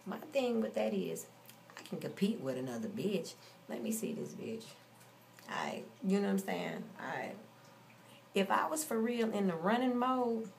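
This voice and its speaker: A woman's voice: medium pitch, creaky, a little hiss or hum. A woman in her forties telling a story in a casual, blunt and profane rant. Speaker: vlogger.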